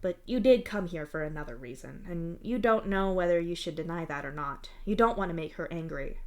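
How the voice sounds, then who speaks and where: A woman streamer reading fan fiction aloud live, in steady narration with the odd small restart. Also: fairly low pitch.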